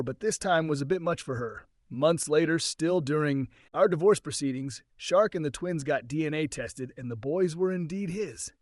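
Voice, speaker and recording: A man's voice: a little high, no echo, studio quality. A man telling a first-person story in an earnest, conversational way.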